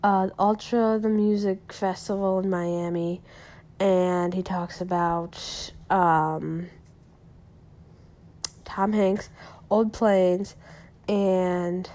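A woman's voice: fairly low pitch, fairly even intonation, very slow, pauses often, dark tone. Rambling young woman recapping casually. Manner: rambling, heavy use of "like" and "um", frequent self-corrections. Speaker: podcast recapper.

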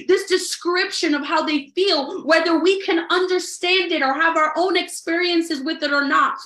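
A woman's voice: very high-pitched, a bit bright, echoey room. A woman preaching a sermon to a livestream audience, earnest and repeating phrases for emphasis. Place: livestreamed service.

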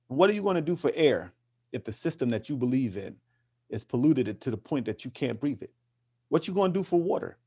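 A man's voice: mid-range voice, sing-song, a little fast, dark tone, husky. A man being interviewed, talking with passion and emphasis, often repeating words as he builds a point. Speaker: interview guest, activist. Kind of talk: casual interview conversation.

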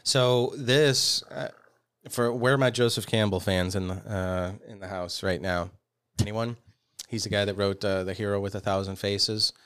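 A man's voice: on the low side, steady tone, moderate pace, a bit bright, clean tone, no echo, studio quality. A man co-hosting a podcast, talking at length in a casual, teasing way and quizzing the others. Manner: explains at length, teasing, asks the room. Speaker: podcast co-host. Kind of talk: casual chat.

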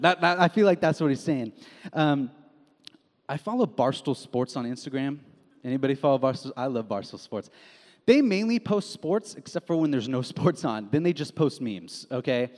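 A young man preaching a sermon as a pastor, casual and animated, telling stories with slang. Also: fairly high pitch, normal speed. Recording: long hall reverb.

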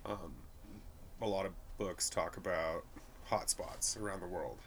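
A man's voice: deep voice, fairly even intonation, a little slow, slight background noise. A man from New Mexico, a brewery guide, chatting casually and laughing easily between many fillers. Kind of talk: casual conversation.

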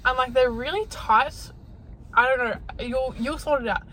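A woman's voice: sits high, unhurried, sharp tone, slight background noise. A young woman chatting casually and laughing with her partner in a car. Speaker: co-host, girlfriend. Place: inside a car.

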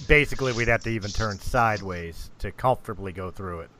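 A man talking casually as a tabletop game player, relaxed and offhand. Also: lowish voice, fast talker, background noise.

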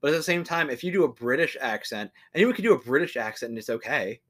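A young man talking loosely on a podcast, his voice sitting at an everyday middle pitch. He rambles, restarts his sentences and swears offhandedly, like he's hanging out with a friend. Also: animated, fast talker, fairly bright tone. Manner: rambling, swears casually, frequent fillers and restarts. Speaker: podcast co-host. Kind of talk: casual chat.

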